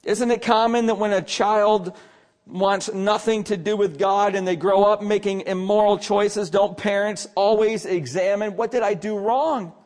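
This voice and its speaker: A man preaching an earnest sermon as pastor, with emphatic stress and quiet asides. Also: high voice, steady tone, a little slow.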